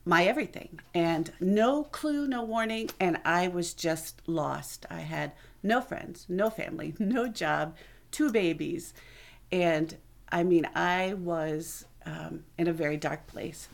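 A middle-aged woman shares her personal testimony at a church service, speaking in an earnest, conversational way. Her voice sits a little on the lower side for a woman. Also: gravelly. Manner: earnest, conversational storytelling that acts out quoted voices. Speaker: church member giving a testimony. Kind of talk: personal testimony told to a congregation.

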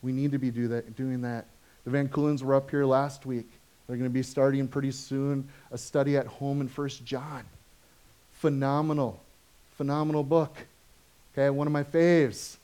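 A man in the middle of a sermon, talking to his congregation like friends, tossing them quick questions and tags. He gets lively when telling everyday stories, then drops quiet and low for the serious points. His voice sits at an ordinary middle pitch. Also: smooth. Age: adult, has children. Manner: conversational, asks the congregation questions often; swings from animated to soft and low. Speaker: pastor.

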